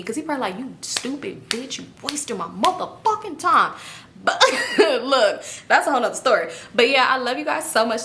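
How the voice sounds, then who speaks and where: Bright-voiced young woman telling a storytime. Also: on the high side. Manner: animated, profane, laughing asides to viewers. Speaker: storytime vlogger. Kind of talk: casual storytime monologue.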